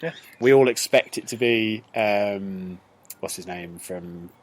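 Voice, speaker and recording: A man's voice: on the low side, slow pace. A man with a northern English accent, co-hosting a podcast in casual banter, telling jokey stories with frequent laughs. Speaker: podcast co-host. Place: back garden.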